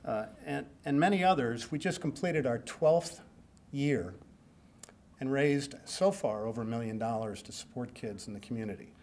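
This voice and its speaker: A man's voice: medium pitch, normal speed, darkish tone. A man in his sixties giving a hall of fame acceptance speech at a banquet, joking, self-deprecating and rambling.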